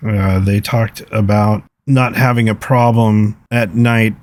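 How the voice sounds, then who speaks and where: Low-voiced man hosting a recovery podcast. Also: darkish tone. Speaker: podcast host. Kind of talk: solo podcast talk, reading listener comments.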